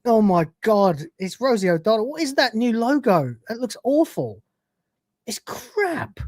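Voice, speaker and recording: A woman's voice: on the high side, big pitch swings, moderate pace, a little mellow, dry recording, clean studio sound. A British woman hosting a livestream, reacting to clips and reading super chats, swearing a lot, often exasperated, and laughing often. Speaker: host.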